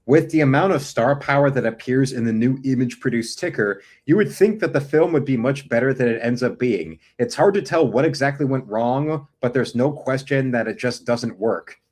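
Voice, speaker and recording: A man's voice: medium pitch, animated, moderate pace, hardly any pauses, a little mellow. A man with a mid-range voice hosts a casual stream. He jokes with his friends and reads a film review aloud at an easy pace. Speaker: host of an art stream.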